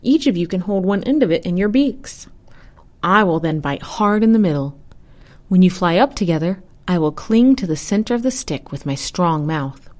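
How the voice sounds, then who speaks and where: A woman voicing a talkative, proud male turtle who speaks loudly and indignantly. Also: fairly low pitch, animated, moderate pace, natural voice. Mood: boastful, pleading. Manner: loud, pleading and proud.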